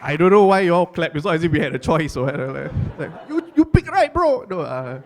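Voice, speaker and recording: Man, Singaporean English accent, stand-up comedian, fairly high voice, chatty, lots of fillers and repeats. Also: fast talker, some chatter behind, a little hiss or hum. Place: comedy stage before a live audience.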